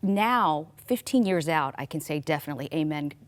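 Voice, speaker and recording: A woman's voice: deep voice, expressive, normal speed, no echo. A middle-aged woman, a guest author, recounting her experience with earnest, reflective storytelling in a faith talk show interview.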